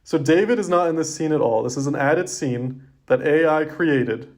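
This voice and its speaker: Speaking at a moderate pace with a fairly high pitch, a young man co-hosts a laid-back podcast. He wanders from point to point, saying "like" over and over.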